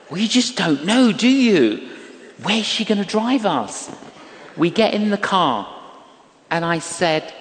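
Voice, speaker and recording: A man's voice: a little high, very animated, measured pace, a little hiss or hum. An older man preaching a sermon, telling a story and acting out the quoted voices of the people in it. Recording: long hall reverb.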